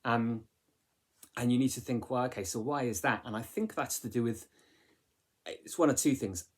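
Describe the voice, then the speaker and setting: A man's voice: medium pitch, normal speed, slightly rough. A man teaching a literature lesson in a chatty way, with many fillers and rhetorical questions. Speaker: English teacher.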